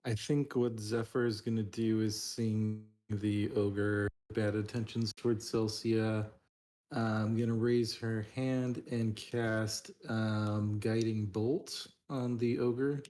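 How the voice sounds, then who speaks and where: A man playing a tabletop role-playing game, speaking slowly and unhurriedly. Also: fairly low pitch, level tone, warm tone. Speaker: player. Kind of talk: casual tabletop play.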